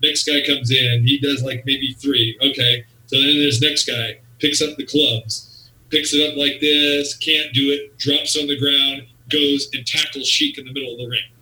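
His voice is medium in pitch and a little slow. He's a wrestling promoter giving an interview, animatedly telling a story and acting out the people in it through their quotes, recorded in a roomy space far from the mic.

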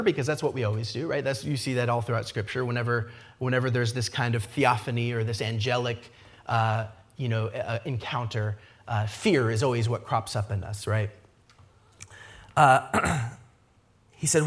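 A man preaching a sermon, retelling scripture in a lively conversational way, often adding asides and briefly acting out the characters' lines. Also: mid-range voice. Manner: lively expository preaching, frequent asides with "right?"; acts out the characters' lines in quick voices. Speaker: pastor.

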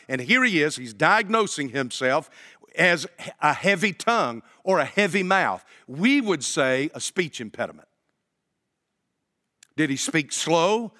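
High, bright-voiced man preaching. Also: sing-song, a little slow. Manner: conversational preaching with rhetorical questions; addresses congregation directly. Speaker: pastor. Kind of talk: sermon.

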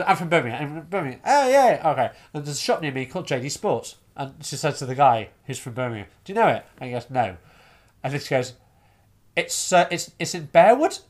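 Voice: medium pitch, fast talker. A comedian telling stories in a casual chat, acting out the people in them. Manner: animated storyteller, acts out quoted voices, frequent restarts. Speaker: stand-up comedian.

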